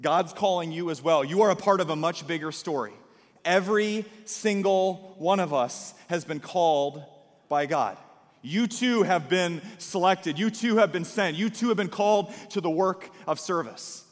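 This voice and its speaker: A man's voice: sits high, normal speed. A man who is a pastor, addressing his congregation in a sermon with a welcoming, conversational manner. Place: church sanctuary. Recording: long hall reverb.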